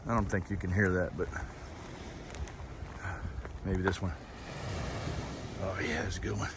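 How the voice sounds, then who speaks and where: In a low voice with little pitch movement, a man speaks slowly with long pauses over a noisy background. He's vlogging on a coastal hiking trail, chatting and rambling casually to his camera as he walks.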